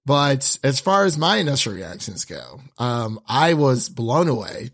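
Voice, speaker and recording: A man's voice: medium pitch, sing-song, unhurried, a bit bright. A man hosting a casual film review chat, hesitant, with many ums and restarts. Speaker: podcast host.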